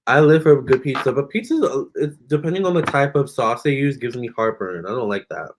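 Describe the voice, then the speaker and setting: A man's voice: medium pitch, animated, brisk, a little hiss or hum. A man doing a tarot reading on a live stream, answering viewer comments in a chatty, sassy way and calling them honey and girl. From Virginia. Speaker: tarot reader.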